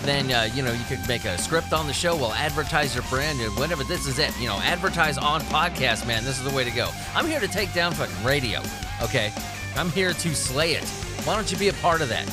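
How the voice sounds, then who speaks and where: A man's voice: medium pitch, animated, a little fast, over loud music. A man hosting a podcast, talking in a sarcastic, profane and rambling way. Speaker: podcast host. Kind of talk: casual podcast monologue.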